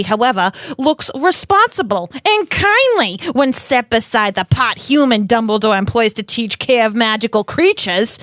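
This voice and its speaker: A woman's voice: on the high side, fairly bright tone, dry recording. A woman voicing a gossipy, brash female tabloid reporter with a put-on New York accent, reading an article aloud in character and giggling through the lines.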